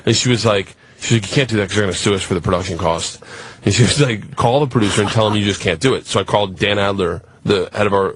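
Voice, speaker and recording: A man telling a long, profane story on a radio talk show, animated and acting out the other people in it. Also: fairly low pitch, husky, dry recording. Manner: animated, profane, acts out voices in his stories.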